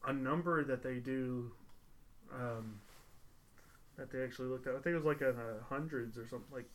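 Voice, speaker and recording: A man co-hosting a casual podcast chat, laid-back and rambling with drawn-out fillers. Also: medium pitch. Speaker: podcast co-host. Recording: faint background noise.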